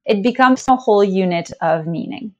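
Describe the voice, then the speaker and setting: A woman's voice: medium pitch, animated, moderate pace, muffled recording. A woman co-hosting an English-learning podcast, explaining grammar rules carefully with small hesitations. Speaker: English teacher co-host. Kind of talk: educational podcast chat.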